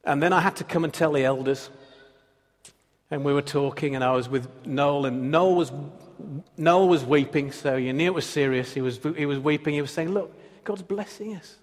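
Earnest male preacher, slightly high voice, long church reverb. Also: steady tone, moderate pace. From Britain. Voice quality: earnest, builds through repeated phrases. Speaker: pastor. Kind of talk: sermon.

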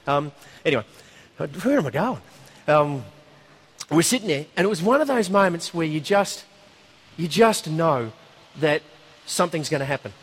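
A man preaching a sermon, telling a story in a conversational, animated way with asides. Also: a little high, normal speed, long pauses, husky.

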